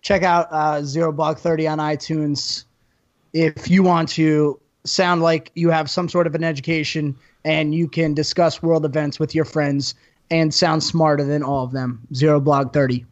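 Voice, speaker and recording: A man with a slightly high voice plugs a show on a podcast. He speaks in a very flat, matter-of-fact way. The audio is slightly dull and lo-fi. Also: moderate pace. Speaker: podcast co-host. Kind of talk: casual podcast plug.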